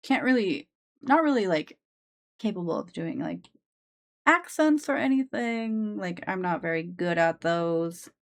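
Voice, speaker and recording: A woman's voice: lowish voice, expressive, unhurried. A woman chatting casually on a live stream into a sensitive desk microphone, rambling with lots of fillers and restarts.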